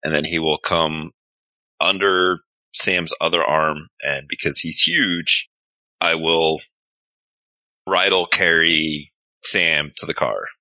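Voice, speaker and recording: Very deep blunt man playing a bruiser. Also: fairly even intonation, takes it slowly, pauses often, pushed and bright, dry recording, highs cut off. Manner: blunt, swears a lot. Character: big gruff male bruiser Bruno. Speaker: player. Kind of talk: tabletop role-play, in and out of character.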